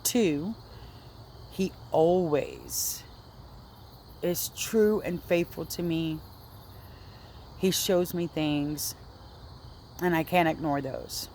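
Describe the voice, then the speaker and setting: A woman's voice: deep voice, sing-song, very slow, pauses often, darkish tone, a little hiss or hum. A woman earnestly telling a personal religious story in a casual, rambling vlog, often restarting her sentences. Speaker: vlogger sharing a religious testimony. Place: indoors at home, seated.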